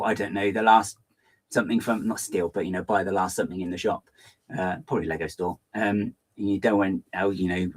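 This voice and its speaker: His voice is lowish and husky; he's hosting a live stream, rattling off viewer comments in quick, hyperactive, rambling chatter.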